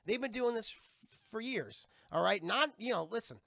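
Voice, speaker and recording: A man plays a tough, independent young cartoon woman who will not be told what to do. She talks curtly in short, sweary lines, with a high, gravelly, bright voice. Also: animated, normal speed, no room sound, heavily acted. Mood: blunt. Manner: curt, repeats "okay?", swears. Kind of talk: acting out cartoon lines in a recap.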